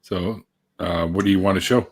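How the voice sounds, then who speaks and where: A man hosts a casual live stream, chatting and guiding a guest through screen sharing and other tech steps. His voice sits low, with fairly even intonation at normal speed.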